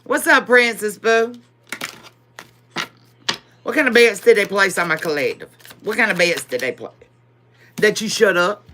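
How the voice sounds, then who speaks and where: A woman's voice: mid-range voice, lively intonation, moderate pace, pauses often, fairly bright tone, slight background noise. A woman giving a live-streamed tarot reading, laughing often, repeating phrases for emphasis and calling her viewers baby. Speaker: tarot reader.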